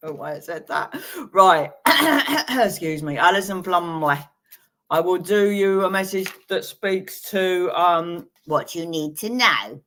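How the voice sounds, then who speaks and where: A woman giving a live-streamed tarot reading, chatty and giggly, laughing at her own jokes while reassuring viewers. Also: on the low side. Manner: chatty, giggly and self-amused; warm, reassuring advice to viewers. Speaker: tarot reader.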